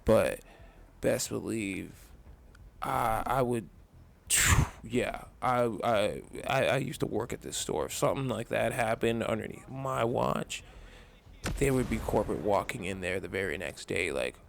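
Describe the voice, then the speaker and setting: A man's voice: on the low side, lively intonation, measured pace, gravelly, background noise. A man vlogging an angry, profane rant about a bad customer experience, telling the story in a heated, exasperated way.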